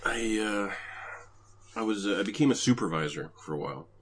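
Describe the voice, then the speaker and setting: A man's voice: sits low, very fast, husky. A man in casual conversation, telling stories about phone survey work and acting out the people in them. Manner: storytelling, animated when acting out quotes. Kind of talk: casual chat.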